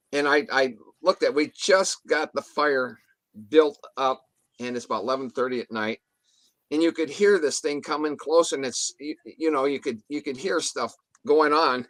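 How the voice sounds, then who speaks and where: A guest in a casual interview, a man with a fairly high, somewhat bright voice recounts an encounter a little slowly, rambling, restarting, and swearing mildly as he acts out what others said. There's no echo.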